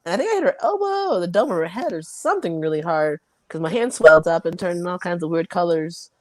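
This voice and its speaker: A woman's voice: fairly low pitch, lively intonation, fast, dry recording. A young woman, a fighter, chatting casually in an interview and laughing easily. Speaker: MMA fighter, guest.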